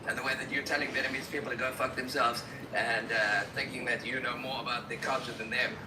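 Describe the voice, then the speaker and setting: A man's voice: mid-range voice, level tone, quick pace. A man calling into a live stream, confrontational and scolding the host. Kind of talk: heated argument. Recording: roomy, distant call audio with background noise.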